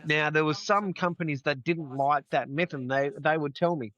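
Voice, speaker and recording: Middle-aged man, blunt swearing storyteller, raised pitch, muffled dry recording. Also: normal speed, few pauses, fairly bright tone. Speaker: podcast guest. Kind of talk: casual podcast chat.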